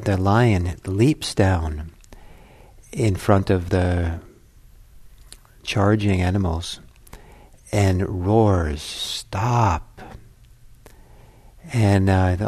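A man telling a Buddhist parable in a talk, unhurried and conversational. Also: low voice, a little mellow. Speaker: Buddhist teacher.

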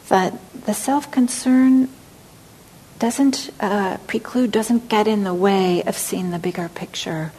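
A female meditation teacher with a medium-pitched voice gives a dharma talk, speaking gently and reflectively and at times sinking to a soft near-whisper. The audio is poor, with slight background noise.

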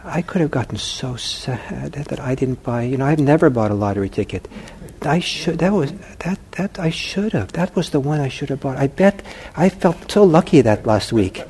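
A male meditation teacher answers questions from the audience, calm and gently humorous. He thinks aloud as he goes and restarts his sentences. His voice is mellow, with a faint hiss of noise behind it. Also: mid-range voice, normal speed.

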